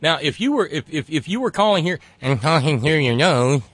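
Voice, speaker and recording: A man hosting a call-in radio show, talking in a sardonic and mocking way. His pitch swings widely and with animation as he talks. The studio sound is dry and close. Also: animated, a little fast, a bit bright, no echo. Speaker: radio talk show host.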